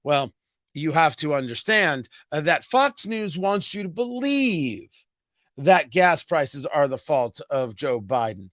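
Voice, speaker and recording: A man impersonating a pious male TV news host who muses slowly and hums before he answers. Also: fairly high pitch, very animated, fairly bright tone, no echo, clean studio sound, pitched below the performer's own voice, exaggerated voice. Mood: smug musing. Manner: slow, musing, drawn-out "hmm". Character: pious, pondering male cable news host, slow hmm-ing.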